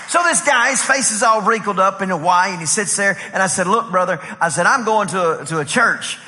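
A male pastor preaching at a conference, telling a lively story and acting out the dialogue. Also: high voice, a little fast, few pauses, crowd noise, background noise. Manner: animated, acts out dialogue with voices and laughs. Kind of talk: storytelling sermon. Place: large conference hall. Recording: long hall reverb.

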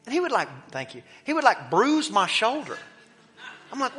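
A middle-aged man preaching in a church, telling a personal story in an animated way that swings between loud emphasis and hushed, quiet passages. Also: very high voice, moderate pace. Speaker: pastor. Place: church sanctuary. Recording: long hall reverb with faint music.

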